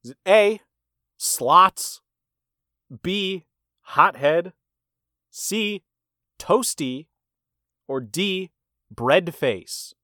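A man hosting a casual movie quiz. He reads the answer options deliberately and teases his guest. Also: high-pitched, animated, bright, forceful tone, dry recording, studio quality. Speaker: quiz host. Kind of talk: casual podcast chat.

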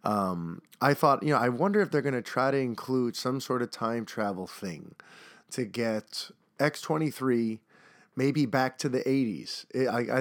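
A man's voice: mid-range voice, dry recording, studio quality. A man hosting a podcast in a casual, rambling monologue, often restarting his sentences. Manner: rambling, chatty, self-interrupting with repeated starts. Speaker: podcast host.

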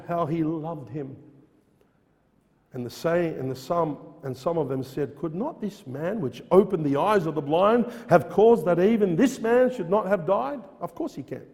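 A man delivers a sermon with earnest insistence, circling back on his key phrases and reading scripture in its old wording. His voice is high for a man yet mellow in tone. It rings through a church with a long, lingering reverb. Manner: earnest, repeats phrases for emphasis, with frequent restarts; quotes King James scripture aloud. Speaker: preacher.

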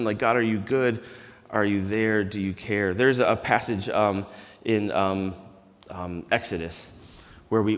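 A man preaching a conversational, earnest sermon that swings between hushed, quiet passages and loud, raised ones. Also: medium pitch. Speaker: pastor. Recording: long reverb of a large hall.

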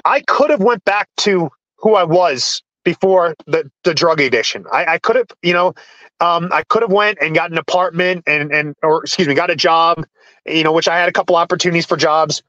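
High, bright-voiced man in halting talk. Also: no room sound, highs cut off. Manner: halting, frequent restarts and repeated words. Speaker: podcast guest. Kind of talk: candid personal storytelling.

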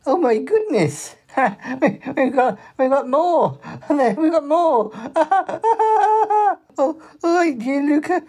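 A woman voicing an excitable elderly mother with a high, warbly voice. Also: takes it slowly. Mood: delighted.

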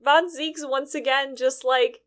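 A woman with a fairly high voice co-hosts a casual podcast. She makes dry, wry complaints about a game and laughs easily. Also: fairly even intonation, unhurried, a bit bright. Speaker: podcast co-host. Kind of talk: casual game-review chat.

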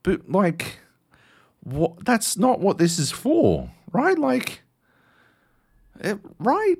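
A man's voice: extremely slow, husky. An Australian man in his thirties co-hosting a casual podcast chat. He tells stories with lots of swearing. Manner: animated, swearing storyteller, jumps high in pitch for quoted outbursts. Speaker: podcast co-host.

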